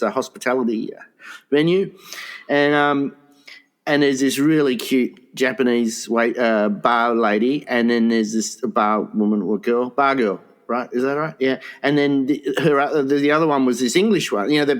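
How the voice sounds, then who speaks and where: A man co-hosting a crude comedy podcast, rambling and stumbling through stories and laughing often. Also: medium pitch. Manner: rambling, stumbling storyteller who laughs a lot. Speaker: podcast co-host.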